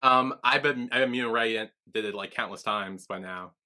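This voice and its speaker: Guy podcast cohost, bright voice, recapping episode and doing the lines, laughs a lot. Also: lowish voice, fairly quick. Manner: retells scenes with quoted lines, laughing often. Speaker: podcast co-host. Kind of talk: casual recap chat.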